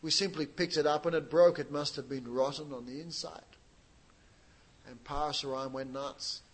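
A man preaching a sermon, retelling a sacred story with lively asides and questions to his listeners. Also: fairly high pitch, moderate pace, slightly rough, low-quality recording. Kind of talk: sermon with retold scripture story.

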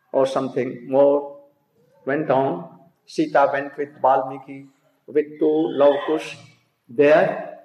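A man telling a devotional story as a spiritual teacher, halting and often checking in with listeners. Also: fairly high pitch, echoey room, rough recording. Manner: slow, halting storytelling with frequent "hmm?" prompts to listeners.

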